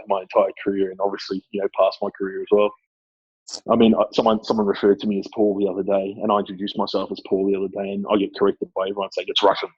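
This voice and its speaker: A man with an Australian accent, a former club footballer, chatting casually as a guest and telling lively stories. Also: on the low side, rapid-fire, slightly rough, dry recording, highs cut off. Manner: animated storyteller, laughs often. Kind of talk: casual chat.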